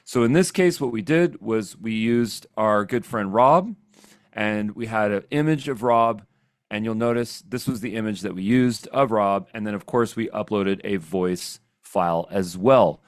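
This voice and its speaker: A man giving a casual, upbeat screen-share software tutorial, chatty and often checking in with "okay?". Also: on the low side, a little slow, no room sound, clean studio sound. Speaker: software trainer. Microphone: desk microphone.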